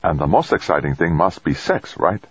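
A man's voice: low voice, sing-song, normal speed, fairly bright tone, husky, no echo, lo-fi sound, full character voice. A man doing a nervous astronaut. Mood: uneasy. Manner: nervous, hesitant. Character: nervous male astronaut passenger, anxious.

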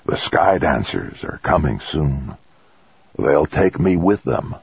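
A feeble old grandfather on his deathbed croaks his words slowly and faintly, voiced by a male narrator. The voice is very deep and gravelly, with a husky edge. The audiobook recording is dry and dull. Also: very animated, no echo, full character voice. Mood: dreamy. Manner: slow, faint, breathy and far-off. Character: frail dying old grandfather, mystical.

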